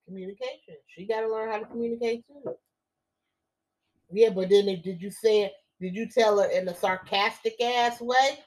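A woman's voice: medium pitch, steady tone, moderate pace, darkish tone. A woman co-hosting a casual podcast with her husband, teasing him and giving relationship advice. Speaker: co-host. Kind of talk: casual couple's podcast chat.

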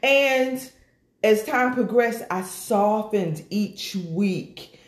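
A woman sharing a personal church testimony in an animated storytelling way, acting out the voices of the people in it. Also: mid-range voice, drawn-out words. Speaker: guest. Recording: echoey room.

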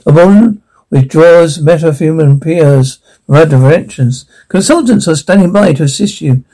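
A man's voice: on the high side, normal speed, mellow, low-quality recording. An actor playing a pompous male doctor who narrates a promotional film in a grandiose, self-important manner. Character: pompous male doctor boasting of his legacy. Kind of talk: scripted narration.

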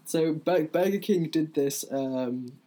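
A man co-hosting a podcast, talking in a relaxed, casual way with stumbling restarts. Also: fairly high pitch, takes it slowly. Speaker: podcast co-host. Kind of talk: casual chat.

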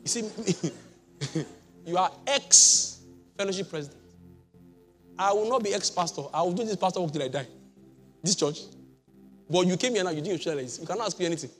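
A middle-aged pastor tells his own testimony from the pulpit in a high, ringing voice. He jumps from loud exclamations to hushed asides and laughs often. Soft music plays underneath. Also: a little fast, pauses often. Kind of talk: sermon with personal testimony.

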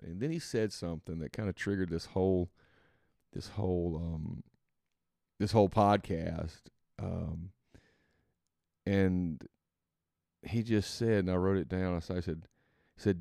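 A man hosting a reflective faith podcast, thinking aloud in a rambling, halting way and often trailing off softly. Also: low voice, fairly even intonation, clean tone, dry recording, studio quality. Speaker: podcast host and father.

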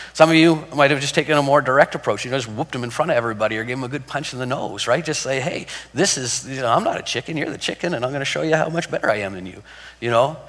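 A man's voice: mid-range voice, fairly bright tone. A man preaching a sermon in a conversational way, repeating words and asking rhetorical questions. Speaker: pastor. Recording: long hall reverb.

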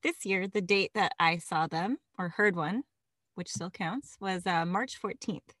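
A woman's voice: lowish voice, a little slow, a bit bright, no echo. A woman co-hosting a casual podcast, talking about birds with lots of laughter and enthusiasm. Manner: giggly, enthusiastic. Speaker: podcast co-host.

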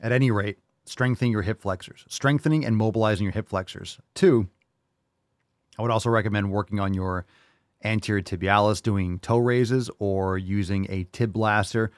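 A man hosting a fitness podcast, talking casually in a brash, jokey way, swearing freely with bursts of loud enthusiasm. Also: fairly low pitch, fairly even intonation, moderate pace, no room sound, clean studio sound. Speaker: podcast host answering listener questions.

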